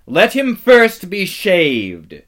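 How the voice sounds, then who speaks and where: A man reading a storybook aloud and voicing a cruel, commanding witch queen in a high, shouting voice. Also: wildly swooping pitch, full character voice. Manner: shrill, imperious shouting, drawn-out words.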